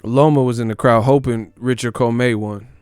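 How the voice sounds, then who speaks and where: Male channel host doing loose, cursing boxing commentary; smooth voice, close dry mic. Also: medium pitch, steady tone, normal speed, a little mellow, dry recording, faint music behind. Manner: profane, joking, trash-talking. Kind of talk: casual boxing commentary rant.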